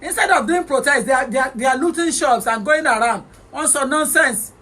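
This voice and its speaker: A woman's voice: high voice, a little fast, sharp tone. A woman with a Nigerian Yoruba-English accent, hosting a heated livestream rant, scolding her viewers and switching between English and Yoruba. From born in England. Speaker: livestream host.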